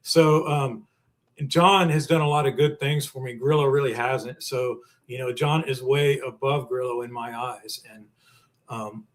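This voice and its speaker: A man co-hosting a podcast in casual chat, easygoing and halting, with restarts as he tells stories. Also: medium pitch, fairly even intonation. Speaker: podcast co-host.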